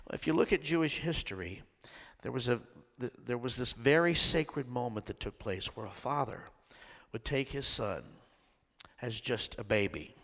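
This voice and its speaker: An older man pastor preaching a sermon, swinging from loud shouts down to hushed whispers. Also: medium pitch, animated, moderate pace. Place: church sanctuary. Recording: long reverb of a church hall.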